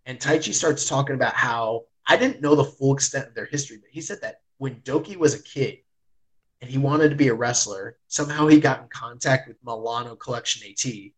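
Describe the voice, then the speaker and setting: A man in casual chat, retelling a match as an excitable storyteller who fills his talk with "like" and swears freely. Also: mid-range voice, a little fast, low-quality recording. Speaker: podcast host reviewing wrestling.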